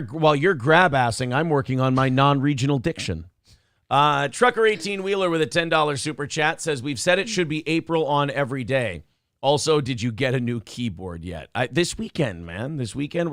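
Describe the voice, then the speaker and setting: A man's voice: mid-range voice, normal speed, dry recording, clean studio sound. A man hosting a casual morning podcast, chatting bluntly with heavy swearing and reading viewer messages aloud. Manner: blunt, profane, animated storytelling. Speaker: morning show host. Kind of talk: casual podcast banter, reading super chats.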